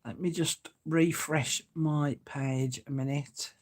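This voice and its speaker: A woman with a low, slightly mellow voice hosts a crafting livestream, speaking slowly with fairly even intonation. Homely and chatty, she greets viewers by name and reads out comments with a chuckle.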